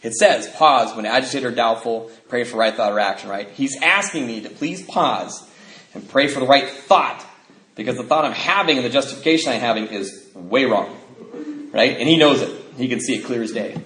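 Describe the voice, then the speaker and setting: Animated middle-aged man in a roomy hall. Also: mid-range voice, moderate pace. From United States. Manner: animated, jokey storyteller who acts out quotes in loud voices. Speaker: recovery convention speaker. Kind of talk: personal recovery talk. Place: convention hall.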